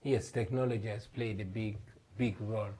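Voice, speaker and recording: A man's voice: fairly low pitch, steady tone, normal speed, warm tone, slightly rough. A man in his thirties from Uganda, an earnest, emphatic guest in a TV studio interview. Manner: earnest, emphatic, repeats words. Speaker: guest, musician.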